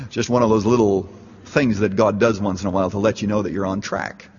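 A man's voice: lowish voice, expressive, moderate pace, husky. A man preaching a sermon, telling a story and rising to fervent appeals. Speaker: pastor. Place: large church. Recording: dull, echoey church hall.

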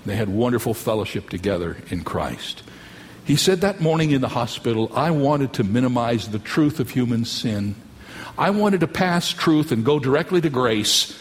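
A man preaching a sermon with emphatic delivery, slowing down for quoted story lines. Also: mid-range voice, sing-song, soft background music. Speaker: pastor. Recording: long hall reverb.

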